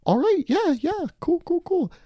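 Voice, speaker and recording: A man's voice: very high-pitched, sing-song, a little slow, dark tone, no echo, muffled recording, voice pushed up, exaggerated voice. Man putting on a chipper corporate meeting boss. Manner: chipper filler-heavy office jargon. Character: upbeat male corporate meeting leader.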